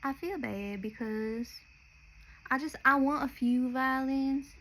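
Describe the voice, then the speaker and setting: A woman's voice: high-pitched, takes it slowly, fairly bright tone, slight background noise, rough recording. A young woman from Nashville, talking in a rambling, chatty podcast monologue that often breaks off and restarts mid-sentence. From Nashville, Tennessee. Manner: chatty, meandering, self-interrupting. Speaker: podcast host.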